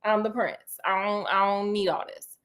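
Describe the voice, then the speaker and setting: A woman's voice: medium pitch, fairly even intonation, normal speed, fairly bright tone, lightly acted. A woman voicing a spoiled, cruel boy prince who brags and calls people honey. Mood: bratty.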